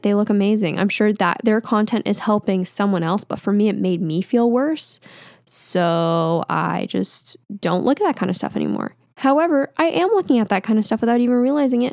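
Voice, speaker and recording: A woman's voice: medium pitch, vocal fry, darkish tone, dry recording, studio quality. A woman in her twenties talking into a mic in a candid, self-deprecating monologue that rambles with fillers. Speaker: vlogger. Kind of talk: casual confessional monologue.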